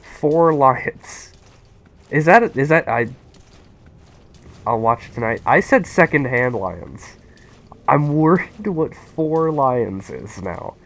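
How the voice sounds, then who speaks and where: An excitable young man rambles to his chat while he plays a game on stream. His voice sits a little high for a man and jumps all over the place as he gets worked up. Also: slow pace, vocal fry, long pauses. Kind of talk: casual live-stream chat while gaming.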